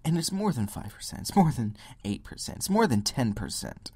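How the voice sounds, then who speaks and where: A man's voice: mid-range voice, big pitch swings, normal speed, dark tone, husky, dry recording. A young man hosting a solo podcast, ranting and mocking other views with impressions and sudden whispers. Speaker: podcast host. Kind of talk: solo political rant.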